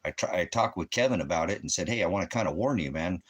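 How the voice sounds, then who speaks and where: Deep-voiced profane man in his fifties ranting. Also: lively intonation, fast, fairly bright tone, slightly rough. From United States. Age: 50s. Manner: profane, ranting, loose and rambling. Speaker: channel host. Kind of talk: casual rambling monologue. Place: at home.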